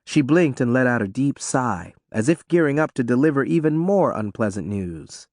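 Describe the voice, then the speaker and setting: A man reading an audiobook in an expressive, scripted narration. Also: medium pitch, moderate pace, hardly any pauses, no room sound, clean studio sound.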